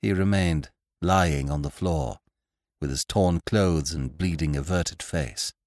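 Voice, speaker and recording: A man narrating a classic short story as an audiobook host, in a measured, expressive storytelling manner. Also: very deep voice, no echo, clean studio sound. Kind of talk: scripted narration.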